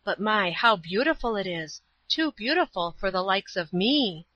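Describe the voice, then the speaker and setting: A woman doing a calm, kindly old woman. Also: medium pitch, normal speed, dry recording, highs cut off. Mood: gentle. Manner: calm, gentle and tender.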